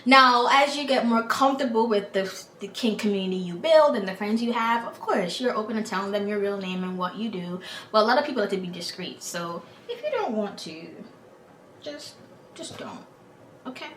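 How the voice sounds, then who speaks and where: A woman's voice: medium pitch, expressive, fairly quick, hardly any pauses, a bit bright, echoey room, slight background noise. An American woman hosting a podcast, giving frank advice in a blunt, profane, exasperated way. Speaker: podcast host.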